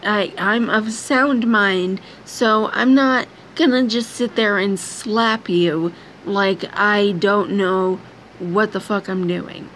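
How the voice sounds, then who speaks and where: Young woman vlogger, frustrated, blunt, profane, unhurried delivery, faint background hiss. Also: mid-range voice, a bit bright. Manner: blunt, frustrated, heavy swearing. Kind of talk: angry personal vlog rant.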